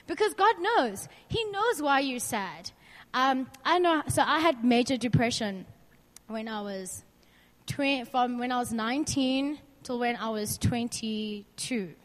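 A young woman gives an informal faith talk to a group as a youth speaker, chatty and candid, asking the room questions and sharing personal stories. Her voice sits high, her pace is unhurried, and the sound has a big-room quality.

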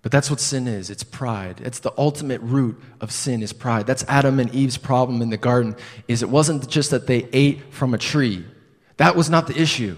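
Man, preacher, sermon, conversational storytelling, rhetorical questions, self-deprecating, mid-pitched, long hall reverb. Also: normal speed.

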